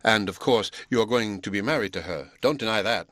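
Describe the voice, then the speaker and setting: A man's voice: fairly low pitch, a little fast, fairly bright tone, no echo. A man voicing a blunt, proud and sarcastic Englishman in an audiobook, speaking in a brusque, scolding way.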